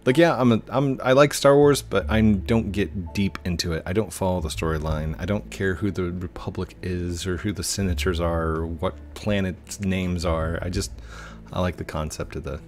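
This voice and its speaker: Man with a low voice hosting casual gameplay commentary. He is chatty, laughs easily and drops self-deprecating asides. Quiet music plays underneath. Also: moderate pace. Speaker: game channel host.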